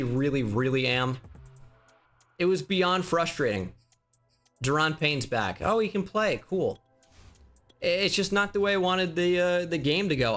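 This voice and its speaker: A man's voice: medium pitch, a bit bright. A man giving casual commentary on his video game season, frustrated and stammering, with some swearing. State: upset. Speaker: gaming YouTuber.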